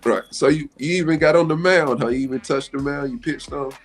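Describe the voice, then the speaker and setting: A man hosting a radio interview, asking halting questions full of fillers and agreeing in short bursts. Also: a little high, faint music behind. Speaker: radio show host.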